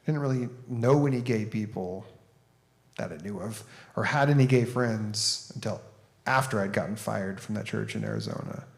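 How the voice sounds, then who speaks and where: A man's voice: lowish voice, moderate pace, creaky. A man giving a conference talk as an author and speaker, conversational and plain-spoken as he tells a story.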